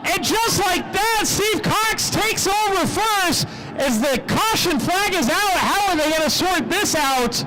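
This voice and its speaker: A man announcing a live race at an outdoor speedway, calling the action excitedly and joking with drivers. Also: very high voice, unhurried, background noise. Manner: excitable play-by-play, jokey with drivers. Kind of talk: live race commentary and interviews.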